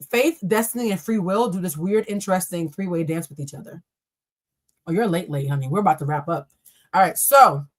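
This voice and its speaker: On a live stream, a woman with a medium-pitched voice gives tarot readings. Animated and blunt, she addresses her viewers directly and swears freely.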